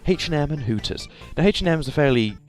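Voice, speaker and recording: A man's voice: on the high side, expressive, fast, faint music behind. A young man from England with an English accent, narrating his trip photos in a chatty, hesitant voice-over full of fillers. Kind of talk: casual voice-over commentary.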